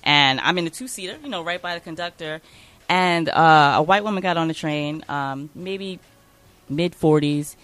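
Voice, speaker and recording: A woman recounting a personal story in a casual group chat, wry and measured. Her voice is bright and dry, with no room sound. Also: deep voice, smooth, no room sound.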